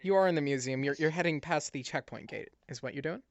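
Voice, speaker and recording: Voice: mid-range voice, muffled recording. A game master narrating a tabletop session over voice chat, rambling with many fillers. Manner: rambling, filler-heavy, quick to laugh.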